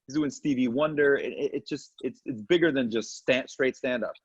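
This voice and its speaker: A middle-aged comedian telling lively stories in an interview, slipping into quick impressions. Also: male voice, mid-range voice, husky. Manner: animated anecdotes with quick impressions. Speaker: comedian guest. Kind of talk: storytelling interview chat. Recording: muffled lo-fi audio.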